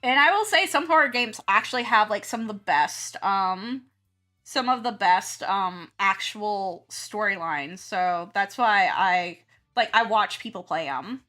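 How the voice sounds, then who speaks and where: With faint music in the background, this woman from the American South, who teaches and streams art, chats while drawing, rambling, laughing often, and acting out her reactions. Her medium-pitched voice is lively, bright, and forceful, and she talks a little slowly.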